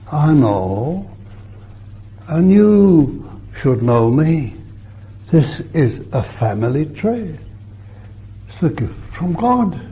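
This sermon comes from an older man whose mid-range voice is slightly rough. Loud emphatic bursts alternate with quiet, hushed asides, and the old recording sounds muffled, with a faint hiss.

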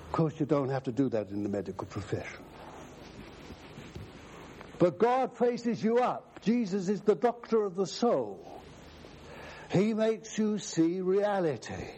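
A man's voice: high voice, big pitch swings, a little slow, long pauses, dark tone, a little hiss or hum. A man preaching a sermon, emphatic, quoting scripture at length.

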